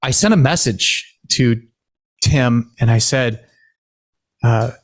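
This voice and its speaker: A man's voice: mid-range voice, takes it slowly. A man co-hosting a podcast, telling family stories in a casual chat and laughing often. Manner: animated storytelling, laughs often. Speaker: podcast co-host.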